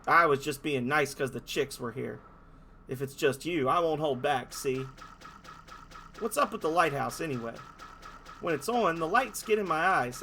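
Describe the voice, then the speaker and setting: A brash male ice dolphin monster from a game bellows threats in a raised, gravelly put-on Australian drawl, as a man puts him on. He sounds like a tough guy who wants no argument. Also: fairly high pitch, slight background noise. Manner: gruff, threatening, loud.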